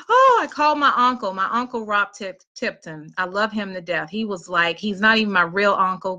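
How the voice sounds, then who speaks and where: A middle-aged woman tells a personal story in a lively, animated way and slips into voices for other people. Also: medium pitch. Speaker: motivational speaker. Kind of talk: storytelling talk.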